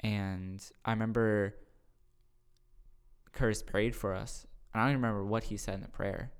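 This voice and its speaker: A man, a youth pastor, telling a retreat story on a podcast in a casual, excited way, often repeating his words. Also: on the low side, normal speed, clear, resonant tone.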